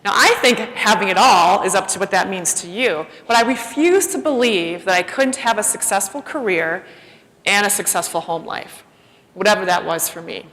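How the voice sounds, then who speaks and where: A woman giving a personal storytelling talk as a keynote speaker, animated and self-deprecating, acting out the voices she quotes. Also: medium pitch, moderate pace. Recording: long hall reverb.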